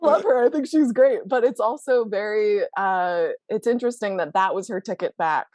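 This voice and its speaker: A woman co-hosting a podcast, telling film history in a lively, animated way. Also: medium pitch, normal speed, no echo. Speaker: podcast co-host. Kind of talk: casual film discussion.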